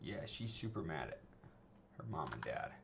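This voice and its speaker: A man's voice: rumbling low, big pitch swings, normal speed, creaky, slight background noise. A man teaching an animation tutorial in a loose, conversational way, often checking in with "okay?" and "right?" and restarting his sentences. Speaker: animation instructor. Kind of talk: screen-recorded tutorial, casual teaching.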